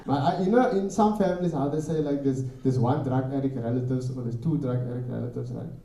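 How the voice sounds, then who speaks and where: A young man from Africa's Cape Flats doing an animated stand-up set, telling stories and tagging lines with 'right?'. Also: mid-range voice, fast talker, vocal fry, a little hiss or hum. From Cape Flats, South Africa. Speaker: stand-up comedian. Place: live comedy venue. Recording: echoey club, voice from far off.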